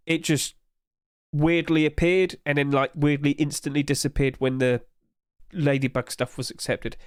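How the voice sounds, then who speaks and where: A young man, streaming and chatting casually and rambling with animated energy. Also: fairly high pitch, clear, resonant tone, dry recording, clean studio sound. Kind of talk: casual live-stream chat.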